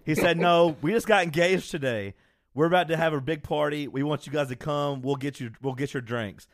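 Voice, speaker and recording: A man with a fairly high voice tells a rowdy story in casual podcast chat. He acts out the quotes and laughs as he goes. His delivery is lively and loose. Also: fast talker, no room sound. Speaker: podcast co-host.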